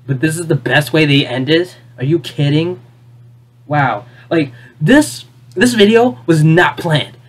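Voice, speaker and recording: A video creator in an unscripted, exasperated rant, repeating points, firing off rhetorical questions and swinging between loud outbursts and low muttering. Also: animated, takes it slowly, husky. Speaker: video creator ranting about a cartoon finale.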